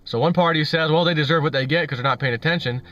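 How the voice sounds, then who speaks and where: A man's voice: fairly high pitch, fast, a bit bright, no room sound. A man hosting an opinionated financial commentary vlog, ranting and repeating himself with scorn. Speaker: vlog host. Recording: dull lo-fi audio.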